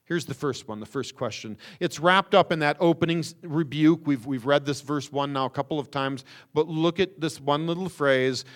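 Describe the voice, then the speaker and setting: A man preaching a sermon, stressing words with slow emphasis and rhetorical questions. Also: on the high side. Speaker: pastor.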